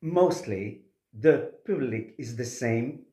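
A native French speaker from Quebec, this opera singer talks in an interview with a Québécois French accent, halting and restarting often amid fillers. His medium-pitched voice is animated and mellow, with a reverberant sound.

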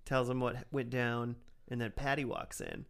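A man co-hosting a podcast, retelling cartoon scenes in relaxed, joking casual chat. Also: medium pitch, moderate pace, creaky, clear, resonant tone. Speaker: podcast co-host recapping a cartoon.

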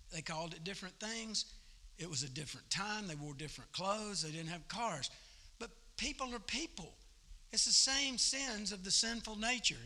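Folksy preacher with a forceful voice. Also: male voice, high-pitched. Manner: folksy, animated storytelling. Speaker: pastor. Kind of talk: sermon. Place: church service.

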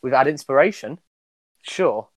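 A man's voice: medium pitch, animated, a little slow, no echo. A young man in his twenties co-hosting a podcast, teasing his friend with upbeat banter. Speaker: podcast co-host. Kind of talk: casual chat.

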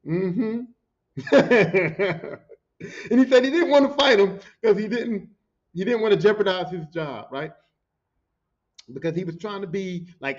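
A man telling work stories on his podcast in a loose, profane, animated way, acting out what others said. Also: high voice, highs cut off. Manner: profane, animated, acts out quotes. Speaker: podcast host. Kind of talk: casual storytelling monologue.

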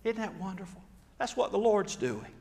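A man's voice: high voice, very animated, moderate pace, vocal fry, darkish tone, long reverb tail. A man preaching a sermon, telling the story dramatically and acting out the quotes. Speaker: pastor.

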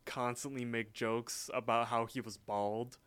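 A man's voice: mid-range voice, flat delivery, measured pace, fairly bright tone, smooth, dry recording. Rambling young man recapping a cartoon. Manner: rambling, lots of "like" and "um". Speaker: podcast co-host. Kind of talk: casual episode recap.

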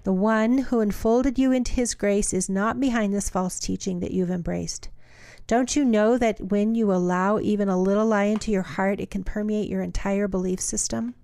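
A woman co-hosting a talk podcast, moving between easy chat and reading scripture aloud. Her voice sits at a middle pitch. The sound is dry and close, with no room echo. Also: fairly even intonation, normal speed, vocal fry, dark tone. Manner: reads aloud steadily, laughs easily. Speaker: podcast co-host.

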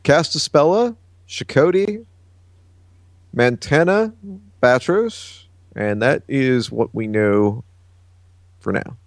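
A man's voice: medium pitch, slow pace, long pauses, no echo, clean studio sound. A man co-hosting a casual podcast, reading out news from his notes with lots of uh fillers. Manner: relaxed, reads from notes with frequent uh fillers.

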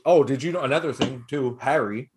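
A man's voice: medium pitch, brisk, music in the background. A man hosts a loose, profane podcast chat and laughs often between his lines. His voice sits in an ordinary middle register. He talks like he is among friends. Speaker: podcast host recapping a movie. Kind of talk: casual chat.

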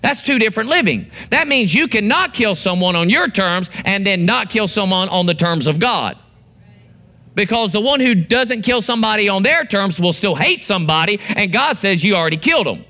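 A man's voice: high-pitched, lively intonation, moderate pace, bright, forceful tone. A man preaching a sermon, acting out prayers and quotes with big swings in his voice. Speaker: pastor.

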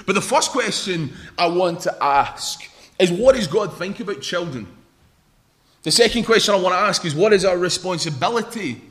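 A man's voice: sits high, a bit bright. A young man preaching a sermon in an informal, joking way, telling a story to the congregation. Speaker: pastor.

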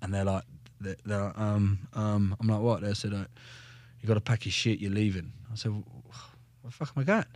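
A young ex-soldier recounts his story in a relaxed podcast conversation, blunt and animated, swearing heavily throughout. His voice sits on the low side and moves a little fast, with no room sound.

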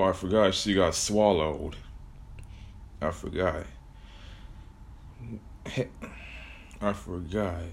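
A man telling a comic horror story with jokey asides about his own plot. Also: lowish voice.

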